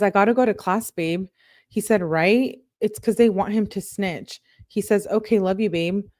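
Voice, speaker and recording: A woman's voice: mid-range voice, darkish tone, no echo. Woman reading text messages aloud, dry sound. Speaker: true-crime YouTuber.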